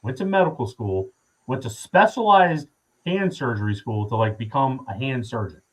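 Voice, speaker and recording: A man's voice: mid-range voice, lively intonation, normal speed, husky, low-quality recording. A man in his thirties, a podcast guest, telling a story casually with lots of swearing and fillers. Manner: profane, rambling with many fillers.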